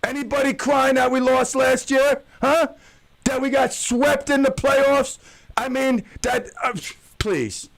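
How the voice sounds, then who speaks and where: A man hosting a radio show, ranting loudly about his softball team and mocking whiners in a wailing voice. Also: very high-pitched, fairly even intonation, slow, vocal fry, rough recording. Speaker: radio host and softball coach. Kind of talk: animated radio monologue.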